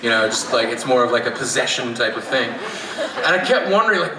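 A man's voice: medium pitch, animated, brisk, roomy sound, distant mic, background noise. A man from Canada, a spoken word poet telling a wry story to a live audience and chuckling as he goes. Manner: wry, laughing as he tells it. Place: outdoor amphitheatre.

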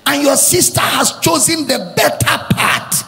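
A male pastor with a Nigerian accent preaching an impassioned sermon, shouting and chanting at the peaks. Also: very high voice, measured pace, vocal fry. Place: church hall. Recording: music and long reverb of a big hall.

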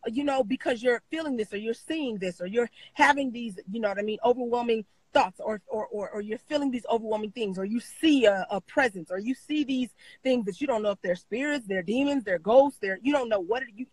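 High-voiced woman sharing a personal story. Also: brisk, hardly any pauses, husky, dry recording, low-quality recording. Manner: emotional, repeats phrases, many fillers. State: crying at times. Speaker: interview guest. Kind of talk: personal testimony in interview.

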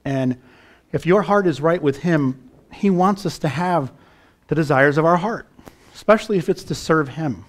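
A man's voice: on the high side, normal speed. Fervent preaching man, raised voice. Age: middle-aged. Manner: preaching with rising fervor, rhetorical questions to the congregation. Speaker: pastor. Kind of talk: sermon.

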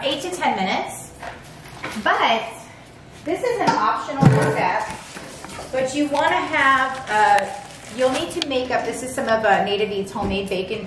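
A woman hosting a casual cooking demonstration, chatty and playful, talking straight to the viewer. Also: fairly high pitch. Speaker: cooking show host. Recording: echoey room, mic at a distance, steady background hum.

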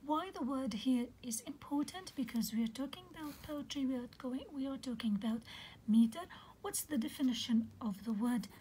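Woman teacher talking soft n half whispery, patient, says okay a lot, slightly high voice. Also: slight background noise, rough recording. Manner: patient and explanatory, fills pauses with "okay" and "uh". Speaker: literature teacher. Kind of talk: recorded lecture on poetic meter.

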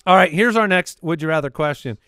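A man's voice: a little high, fairly quick, pushed and bright, smooth, dry recording, clean studio sound. A man co-hosting a comedy podcast, bantering casually and posing would-you-rather questions with a playful manner. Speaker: podcast co-host.

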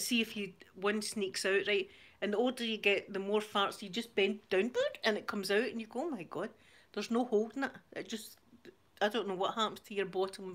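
A woman's voice: mid-range voice, a bit bright. A middle-aged woman from Glasgow with a Glaswegian accent, chatting casually on a live stream, reading out viewer comments and laughing often between lines. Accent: Glaswegian Scottish. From Glasgow, Scotland.

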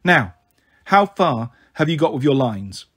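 A man reading aloud and voicing a middle-aged female teacher who speaks primly and coaxes gently. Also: medium pitch, very animated, measured pace, husky, exaggerated voice. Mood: coaxing. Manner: prim, gently coaxing.

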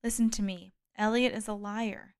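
A woman's voice: medium pitch, fairly even intonation, moderate pace, darkish tone, clear, resonant tone, lightly acted. A woman reading aloud, voicing an uneasy young man who urgently tries to talk someone into handing over a gun. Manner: insistent, coaxing, urgent. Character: uneasy young man trying to take control.

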